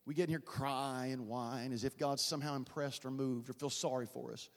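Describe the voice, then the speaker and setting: A male pastor preaching a sermon in a large church hall, fervent and dramatic, swinging from loud to hushed, with folksy asides to the congregation. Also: medium pitch, fairly even intonation, brisk. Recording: long church reverb.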